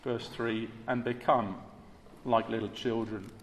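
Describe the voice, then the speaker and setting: Male preacher, mid-pitched, hushed-to-forceful delivery, recorded in a large church hall with lingering reverb. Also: fairly even intonation, a little slow. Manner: emphatic, rhetorical, swings between hushed and forceful. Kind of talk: sermon. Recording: echoey hall, long reverb, faint background hiss.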